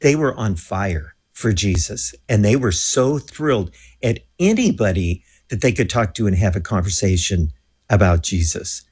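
A man being interviewed as a guest, telling a lively story and acting out the voices of the people in it. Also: fairly low pitch, normal speed, husky. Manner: animated storyteller who acts out quoted voices.

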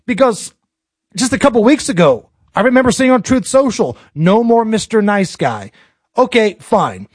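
An American man with a high voice hosts a talk show in a blunt, opinionated way, cracking jokes between questions. The sound is dry and close, with no room around it. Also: big pitch swings, moderate pace, breathy edge, no echo. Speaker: show host. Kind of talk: casual political talk show chat.

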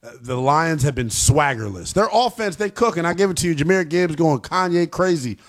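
A man hosting a call-in sports radio show, brash and animated as he trash-talks teams with callers. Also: a little high, fairly quick.

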